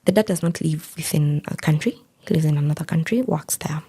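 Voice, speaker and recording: A woman's voice: deep voice, a little fast, dark tone, breathy edge. A young woman earnestly recounting a painful personal story, quoting what others said to her. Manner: earnest, quotes others' words as she tells it. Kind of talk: personal account in an interview.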